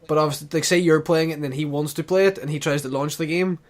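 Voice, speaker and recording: A man's voice: fairly high pitch, fairly even intonation, quick pace. A man from the UK chatting casually on a gaming podcast, hesitant and laughing often. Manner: hesitant, laughing, lots of fillers. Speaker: podcast host. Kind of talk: casual chat.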